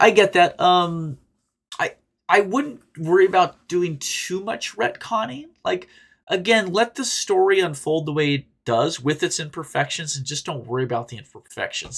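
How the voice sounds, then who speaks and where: A man hosting a casual podcast, reading listener posts and giving candid, rambling advice with plenty of swearing and laughter. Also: on the high side. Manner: animated, jumps between loud bursts and quiet asides. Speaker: podcast host reading and answering reader stories.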